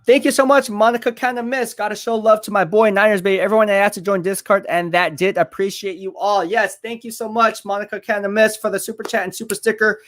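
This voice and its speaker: Man, high voice, live football stream host, excitable, hypes his calls, home streaming mic. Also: quick pace, few pauses. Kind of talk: live football watch-party commentary.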